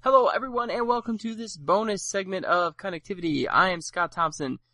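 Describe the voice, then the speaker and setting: A male podcast host with a gravelly, bright tone chats casually, rambling through plenty of ums and uhs. His voice sounds close and dry, with no room around it. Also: sits high, brisk, dry recording. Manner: rambling, filler-heavy, laughs easily. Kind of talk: casual chat.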